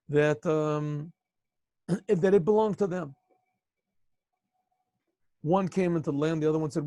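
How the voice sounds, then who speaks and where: A man, a rabbi, telling a story in a casual lesson, often clearing his throat, over a video call. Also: fairly high pitch, dark tone, dry recording.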